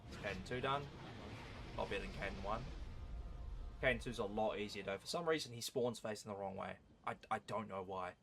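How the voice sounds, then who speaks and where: A man's voice: lowish voice, a little fast. A man casually commentating his own speedrun with joking, sarcastic asides.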